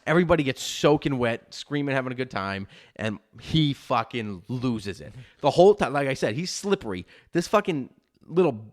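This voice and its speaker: A man's voice: medium pitch, sing-song, moderate pace. Profane, rambling New man. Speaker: podcast host. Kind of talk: casual chat.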